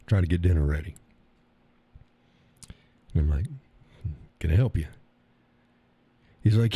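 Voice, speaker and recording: A middle-aged man from the States tells a story as a casual, profane rant, stumbling over repeated words and mimicking the people in it. His voice sits fairly low and sounds dark and mellow. The mic is close and dry. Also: huge pitch swings, slow, long pauses, breathy edge, no room sound. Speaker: live stream host.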